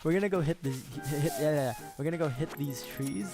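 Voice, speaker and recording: A man's voice: on the high side, quick pace. A man chatting casually through a gaming livestream, rambling and correcting himself, often chuckling. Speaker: streamer. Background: game music.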